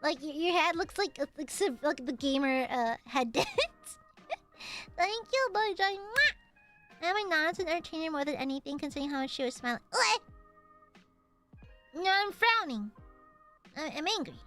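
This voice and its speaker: High, bright, playful young woman streamer. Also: animated, moderate pace, long pauses, soft background music. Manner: playful, teasing, affectionate. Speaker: VTuber streamer. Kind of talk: casual live-stream chat with viewers. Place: home streaming setup.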